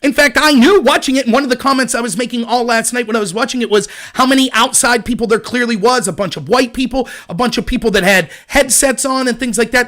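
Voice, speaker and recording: A man with a strikingly high voice hosts his own live-streamed political commentary. He talks in an animated, indignant rant, pressing his points hard. His tone stays heated without tipping into yelling.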